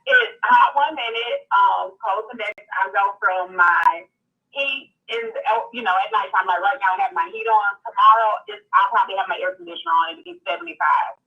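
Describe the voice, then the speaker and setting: A woman's voice: mid-range voice, expressive, brisk. A woman from Mississippi, a podcast guest telling her story earnestly with many ums. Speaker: podcast guest and survivor advocate. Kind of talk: live podcast interview. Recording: distant, muffled call-in audio.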